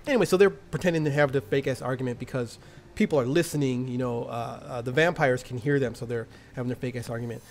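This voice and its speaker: A man's voice: mid-range voice, quick pace, hardly any pauses, slight background noise. A man casually recapping a TV episode in a slangy, crude, jokey way. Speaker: TV episode reviewer.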